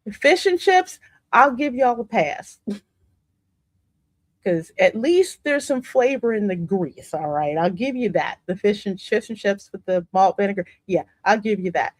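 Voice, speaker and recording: A woman with a Southern US accent hosting a casual reaction show, sassy and quick to laugh. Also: mid-range voice, dry recording. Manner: sassy, animated, laughing often. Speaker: host reacting to videos.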